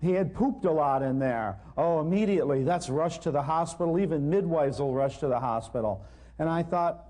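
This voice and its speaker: A man speaking to a live audience in a slightly high but mellow voice. He tells wry, self-deprecating anecdotes in a relaxed storytelling way. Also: moderate pace. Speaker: natural healing lecturer. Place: live talk in front of an audience.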